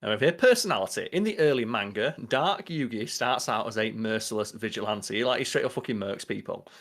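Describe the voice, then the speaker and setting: Swearing, animated male podcast co-host. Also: mid-range voice, a little fast. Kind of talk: casual chat.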